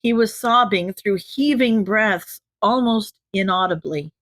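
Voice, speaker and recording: A woman narrating a fan fiction audiobook in a measured, gentle way. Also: medium pitch, no echo. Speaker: audiobook reader.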